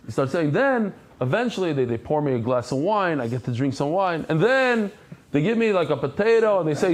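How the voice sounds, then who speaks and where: A man leads a daily Talmud class in a slightly higher-than-average voice. He speaks conversationally, turns to his listeners, and throws himself into telling stories along the way. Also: brisk. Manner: animated storyteller who acts out anecdotes; conversational, addresses the class directly. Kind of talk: Talmud lecture.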